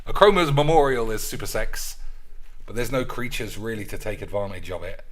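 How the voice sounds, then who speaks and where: A man's voice: lowish voice, brisk. A man streaming as he builds a card game deck, rambling, joking, swearing and chatting to his audience in a casual way.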